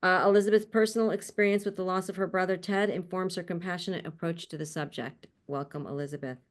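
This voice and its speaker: A woman with a slightly low voice hosts an online panel on a video call, warmly introducing each guest. She talks quickly in a steady tone, chatting and laughing often and dropping friendly asides between names.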